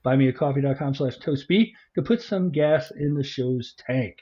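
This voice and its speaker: A man's voice: medium pitch, moderate pace, mellow, highs cut off. A man co-hosting a podcast in casual chat, reading facts off his notes and laughing easily. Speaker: podcast co-host.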